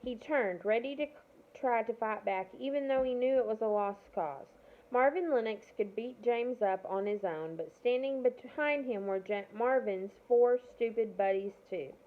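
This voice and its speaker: The audio is tinny, like a phone call, as a woman with a somewhat high voice reads a children's novel at a moderate pace. Every so often she stumbles and corrects herself.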